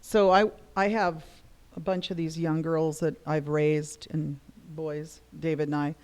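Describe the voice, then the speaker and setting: A middle-aged woman telling stories in a casual conversation, lively and acting out the voices she quotes. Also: low voice, measured pace. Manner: animated, acts out quoted voices. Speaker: guest discussing spirituality.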